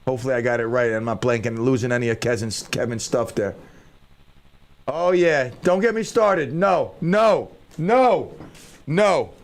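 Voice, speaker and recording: A man's voice: mid-range voice, unhurried. A middle-aged man hosting a radio show, rambling casually and mocking himself while he fumbles with studio gear. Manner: scattered, self-mocking, thinks aloud while fiddling with gear.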